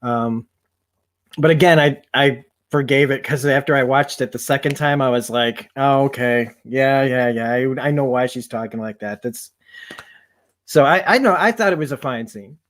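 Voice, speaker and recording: An easygoing man co-hosts a casual review podcast. He talks in a mid-pitched voice, loose and relaxed. His sentences are padded with ums and likes. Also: normal speed. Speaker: podcast co-host.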